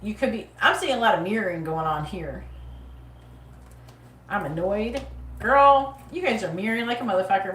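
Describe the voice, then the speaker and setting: A woman's voice: mid-range voice, lively intonation, moderate pace, pauses often, a bit bright, a little hiss or hum. A woman hosting a live psychic reading, talking bluntly and profanely in a sassy, casual way. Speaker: psychic livestream host. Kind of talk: live tarot reading chat. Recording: echoey room, mic at a distance.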